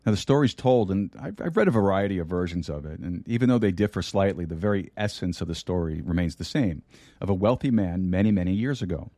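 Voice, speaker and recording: A middle-aged man preaching a sermon and telling a story, slowing down to stress key words. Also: sits low, expressive, warm tone, no echo.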